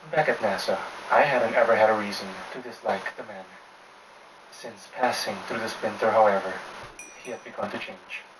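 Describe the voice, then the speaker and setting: A man reading a scripted horror story aloud in a measured, deliberate way. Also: lowish voice. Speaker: narrator. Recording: distant mic with steady background hiss.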